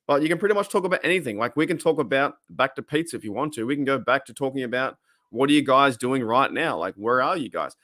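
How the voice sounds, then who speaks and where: An Australian man hosting a podcast from his room alone, chatting in an excitable, rambling way and often laughing. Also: medium pitch, fast. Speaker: podcast host. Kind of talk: casual livestream chat.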